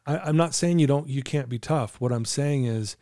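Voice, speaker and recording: Earnest man with a warm, dry voice. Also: mid-range voice, normal speed, no echo. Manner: earnest, coaching tone with anecdotes. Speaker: podcast guest. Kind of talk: casual podcast chat.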